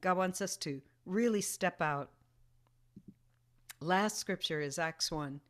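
A woman's voice: on the low side, slow pace. A woman leading a prayer meeting over a video call, reading scripture aloud and earnestly asking listeners direct questions.

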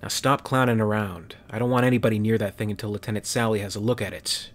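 Brief: a man playing a hard-nosed marine captain, low and commanding. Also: steady tone, quick pace, natural voice. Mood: stern. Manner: commanding, barking orders. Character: tough, gruff male marine captain.

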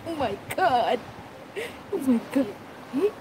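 High-pitched woman gushing over animals on a phone livestream, slow talker, noisy outdoor phone audio. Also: expressive. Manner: gushing, effusive, exclamatory. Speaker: wildlife vlogger. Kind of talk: excited live-stream chat. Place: outdoors at a wildlife sanctuary.

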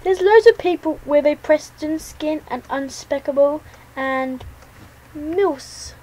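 A woman's voice: sits high, slow pace, a little mellow, poor audio. A woman giving jittery, talk-to-herself commentary as she plays a game. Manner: jittery, talks to herself while playing. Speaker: gaming channel host. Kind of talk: let's play commentary.

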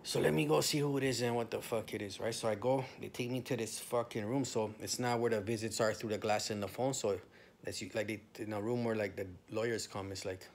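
A man's voice: lowish voice, fairly even intonation, a little fast, a little hiss or hum. Man ranting with profane slang. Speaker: storyteller. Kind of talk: profane storytelling rant.

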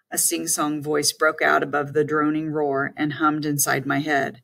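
Gravelly-voiced woman reading an audiobook. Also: low voice, normal speed. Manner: first-person storytelling, lively voiced dialogue. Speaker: audiobook narrator. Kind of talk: scripted audiobook narration.

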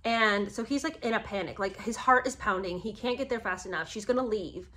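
A woman's voice: fairly high pitch, moderate pace, fairly bright tone. A woman giving casual, sarcastic commentary on a book, talking straight to her viewers and often rising into indignant disbelief.

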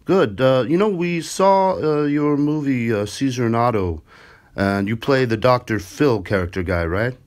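A man's voice: medium pitch, lively intonation, unhurried. Upbeat man, prank caller; mid-range voice, chatty, filler-heavy. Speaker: prank caller, show host. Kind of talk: casual prank phone call.

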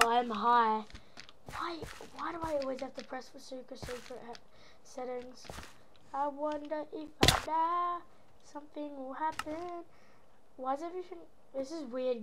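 Aussie girl faking an american accent, high pitched, goofy rambly gaming chat w/ silly noises. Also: noisy background. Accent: American, put on over an Australian one. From Australia. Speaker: gaming channel host. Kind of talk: rambling gameplay commentary.

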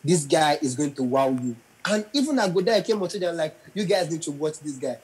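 A man's voice: a little high, brisk, husky, poor audio. A young adult man, a comedian telling stories in an interview, acting out voices and singing lines. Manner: animated storyteller, acts out voices and sings lines. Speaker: comedian guest.

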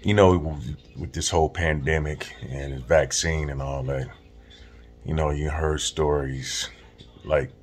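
A man's voice: a bass voice, slightly rough. A man talking casually and directly to his viewers as a vlogger. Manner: streetwise, direct, addresses viewers as y'all. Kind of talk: casual talk to camera.

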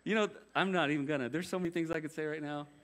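A man's voice: fairly high pitch, racing. A man preaching a sermon as pastor, conversational, with rhetorical questions and jokey asides.

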